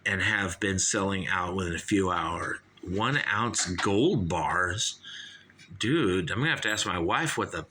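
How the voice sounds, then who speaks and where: A man's voice: sits low, a little slow, pushed and bright, a little hiss or hum. A man hosting his own comedy show, rambling through jokey, profane riffs. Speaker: show host. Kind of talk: comic monologue.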